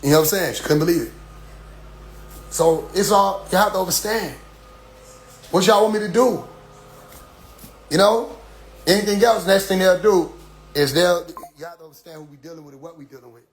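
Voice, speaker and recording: A middle-aged man giving a casual, preachy spoken address to his followers, often asking "you see?" and dropping into quiet asides. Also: high-pitched, moderate pace, pauses often, a little hiss or hum. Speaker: community leader addressing followers.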